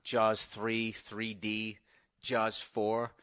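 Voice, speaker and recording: Boston comedian guy, bright ringy voice, swears a lot, quick rants. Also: lowish voice, clear, resonant tone. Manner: profane, animated, mocks people in put-on voices. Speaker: comedian co-host. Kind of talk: casual comedy chat.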